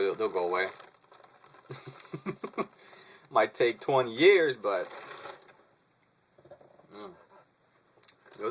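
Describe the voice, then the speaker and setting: A man's voice: medium pitch, a bit bright, a little hiss or hum. A young man vlogging in a casual, laid-back rant, swearing freely, laughing often and calling the listener dude.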